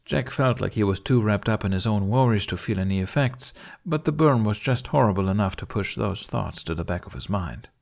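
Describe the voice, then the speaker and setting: A man reading a fan fiction story aloud in calm, measured audiobook narration. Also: on the low side.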